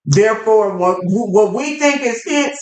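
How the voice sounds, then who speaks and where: A woman's voice: on the high side, expressive, unhurried, darkish tone, slight background noise. A woman co-hosting a casual podcast chat, outspoken and emphatic, talking colloquially and calling out to listeners. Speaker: podcast co-host. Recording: roomy echo.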